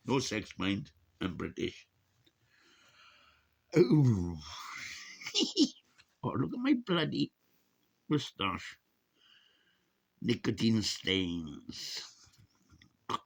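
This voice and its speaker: Man in his sixties, very low voice, slow drawl, casual rambling vlog, swearing and chuckling. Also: creaky, fairly bright tone. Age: 60s. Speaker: vlogger.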